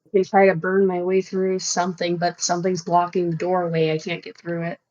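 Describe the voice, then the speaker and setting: A woman's voice: on the low side, level tone, fairly quick, highs cut off, crowd noise. A woman playing a tabletop game, asking about and explaining what blocks her character. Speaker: player.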